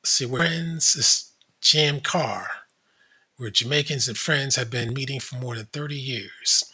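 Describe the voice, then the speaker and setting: Blunt husky-voiced man reading from screen. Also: mid-range voice, measured pace, sharp tone. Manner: blunt, reads aloud from screen, frequent asides. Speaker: commentary show host. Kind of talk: casual commentary while browsing web pages.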